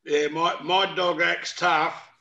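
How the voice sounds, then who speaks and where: A man's voice: a little high, pushed and bright. An Australian man chatting casually in a laid-back, joking way. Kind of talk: casual chat. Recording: dull lo-fi audio.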